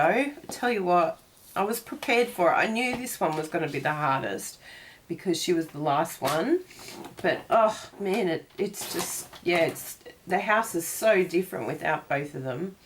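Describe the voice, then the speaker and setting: A woman's voice: lowish voice, a little hiss or hum. A woman hosting a cardmaking tutorial, chatting casually and digressing as she crafts.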